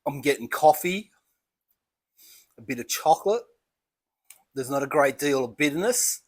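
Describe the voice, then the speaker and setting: An Australian man reviewing beer in a casual home vlog, chatty and relaxed, talking as he eats and drinks. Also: mid-range voice, measured pace. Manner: relaxed, chatty, thinking aloud while eating and sipping.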